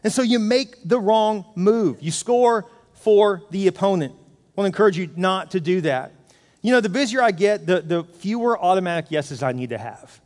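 Middle-aged male pastor, lively sermon delivery, higher-pitched, in a reverberant church hall. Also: normal speed. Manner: animated, acts out his own inner voice.

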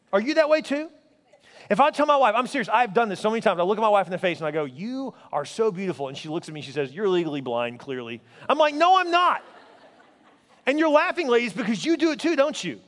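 A middle-aged man preaching a sermon as pastor, telling stories animatedly and acting out the voices he quotes. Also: extremely high pitch. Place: church sanctuary. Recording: long reverb of a church hall.

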